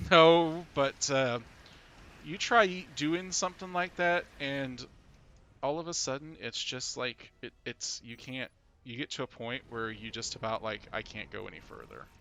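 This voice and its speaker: A man's voice: medium pitch, a little slow, pushed and bright, slight background noise. A man co-hosting a live game-stream podcast, telling casual stories with frequent chuckles and fillers. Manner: chatty storyteller, chuckles often, many fillers. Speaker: podcast co-host.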